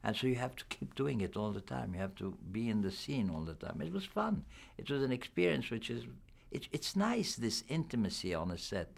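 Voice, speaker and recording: A man's voice: mid-range voice, very animated, fairly quick, gravelly. An older man, a film actor, giving a candid, reflective press interview.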